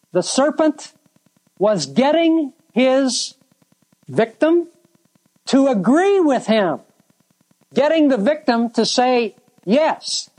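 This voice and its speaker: Slow, deliberate preacher. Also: sits high, darkish tone, low-quality recording. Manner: slow, deliberate, drawn-out emphasis on key words. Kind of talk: sermon.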